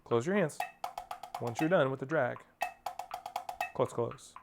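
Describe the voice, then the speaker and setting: This drum instructor talks slowly in a medium-pitched voice with some vocal fry, audible over the loud percussion playing. As he coaches, he counts off and sings the rhythms out loud.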